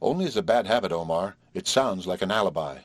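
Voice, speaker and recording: A man's voice: sits low, lively intonation, no room sound. A man doing a sassy teasing young woman. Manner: brash, bantering, drawn-out.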